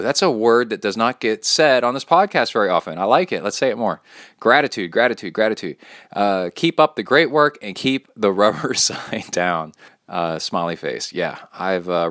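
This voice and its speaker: A man's voice: on the low side, fairly bright tone, no echo, clean studio sound. A man hosting his own podcast in a casual, rambling solo talk, reading a listener's email aloud into his phone. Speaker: podcast host.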